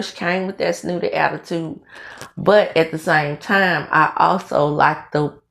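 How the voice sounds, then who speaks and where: A woman's voice: low-pitched, vocal fry. A middle-aged woman from the US South with a Southern accent, chatting in a casual commentary vlog, talking through dental aligners, with lots of fillers and restarts. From Mississippi, US South. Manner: animated storytelling with frequent fillers and restarts. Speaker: commentary vlogger.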